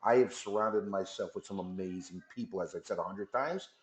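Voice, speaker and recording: A man's voice: low-pitched, brisk, reverberant, low-quality recording. A man guest on a talk radio interview, telling a story casually and acting out the back-and-forth dialogue. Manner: lively storyteller who acts out dialogue. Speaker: company executive guest.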